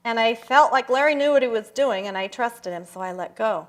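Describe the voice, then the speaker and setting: Older woman sharing a reflective talk. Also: fairly high pitch. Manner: reflective storytelling, slow emphatic pauses. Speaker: guest speaker. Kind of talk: personal sermon talk. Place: church sanctuary.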